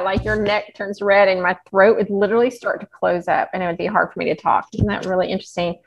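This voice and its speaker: A woman with a medium-pitched, creaky voice talks fast with few pauses. She's a health practitioner appearing as a podcast guest, openly and animatedly recounting her health journey in a casual interview and laughing as she tells stories.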